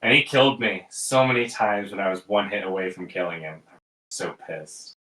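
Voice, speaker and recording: Casual male co-host, bright forceful voice, roomy room, distant mic, animated storyteller. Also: sits low, a little fast. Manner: animated storytelling with exaggerated asides. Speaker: podcast co-host. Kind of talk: casual family chat.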